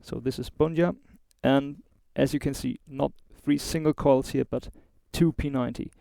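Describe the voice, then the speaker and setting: A man's voice: mid-range voice, steady tone, moderate pace, creaky, mellow, no room sound. A man with a German accent hosting a casual guitar review, chatty and informal with small asides. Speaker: host of a guitar review show.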